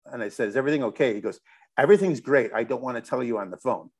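Middle-aged man, from Chicago, rambling animated storyteller, casual interview guest. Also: medium pitch, rapid-fire, slightly rough. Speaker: musician guest.

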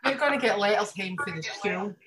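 A woman fires off short, teasing one-liners in a casual chat. Her pitch is ordinary for a woman. Loud crowd noise runs behind her voice. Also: fairly quick. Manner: sharp, teasing quips.

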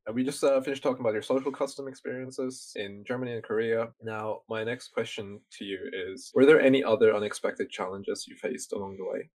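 Relaxed young man hosting a casual chat. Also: on the low side, a little fast, few pauses. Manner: relaxed storyteller, asks interview questions. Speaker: host.

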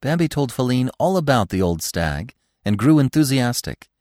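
A man's voice: medium pitch, sing-song, normal speed, a little mellow, no echo, clean studio sound. A man narrating a classic children's story expressively as a podcast host. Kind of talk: audiobook narration.

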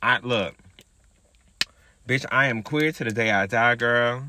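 A man's voice: medium pitch, moderate pace, sharp tone, a little hiss or hum. A man hosting a podcast, telling a story in a sassy, profane, chatty monologue. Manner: sassy, profane, chatty, calls listeners girl. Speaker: podcast host.

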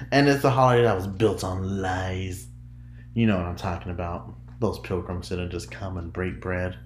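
An American podcast host rambles through a casual solo chat, giggling often and interrupting himself. The voice is low, fairly even in intonation and a little slow, with reverb and slight background noise.

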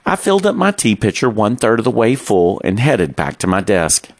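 A middle-aged man reads his personal diary aloud at a calm, unhurried pace. His voice sits fairly low yet moves with lively rises and falls. The sound is close and dry, with no room around it. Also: no room sound. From Texas. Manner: measured, unhurried storytelling. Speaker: narrator. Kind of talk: scripted personal diary narration.

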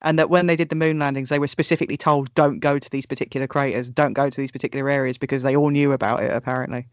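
A man's voice: mid-range voice, level tone, very fast, dry recording, highs cut off. A man hosting a podcast in casual chat, talking loosely with restarts and frequent laughter. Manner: chatty, laughs often, restarts and trails off. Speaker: podcast host.

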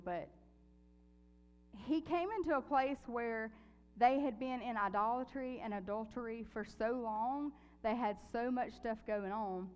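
Woman preacher, lively testimony, higher voice, echoing hall. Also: clean tone. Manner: animated storytelling, laughs often. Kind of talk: sermon with personal testimony.

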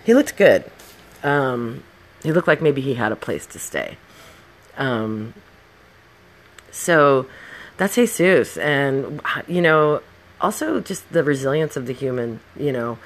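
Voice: mid-range voice, animated, slow pace, long pauses. A middle-aged podcast host and hairdresser telling stories in a casual monologue, blunt and profane with heated outbursts.

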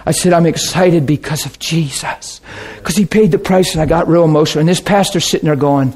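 A man preaching and telling a story to a congregation, animated and quick to laugh, with bursts of sound effects. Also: fairly high pitch, slightly rough. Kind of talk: sermon storytelling.

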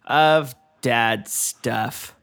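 A man co-hosting a podcast, talking in an easygoing, rambling way. His pitch sits at a medium level. He chats casually and fills his sentences with "like" and "you know.". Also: very slow, fairly bright tone, soft background music. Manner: laid-back, rambling with many fillers. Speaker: podcast co-host. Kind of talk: casual chat.

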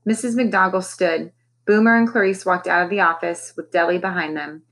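Teacher lady reading a kids novel out loud, kinda low voice, does the characters with feeling. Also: moderate pace. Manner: expressive, lifting her voice for the characters' lines. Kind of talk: reading a children's novel aloud.

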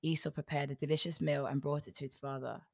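A woman's voice: low voice, level tone, fast. A woman reading a Bible story aloud and stopping to make wry, joking comments. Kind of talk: storytelling with sarcastic asides.

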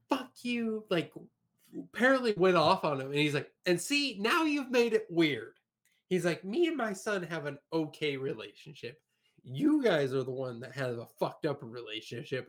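A man's voice: medium pitch, expressive, moderate pace. Blunt, profane man in his late twenties. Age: late 20s. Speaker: podcast host. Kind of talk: casual podcast chat.

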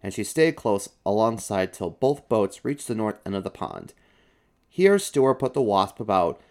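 A man hosting a story podcast and reading a children's book aloud with expressive, animated delivery. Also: lowish voice. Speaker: host and storyteller.

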